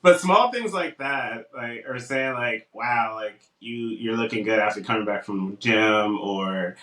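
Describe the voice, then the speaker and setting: A man's voice: fairly low pitch, a little slow, roomy sound, recorded from a distance, rough recording. A young man co-hosting a casual podcast, telling stories and acting out what people said to him. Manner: animated storytelling, acts out quotes. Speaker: podcast co-host.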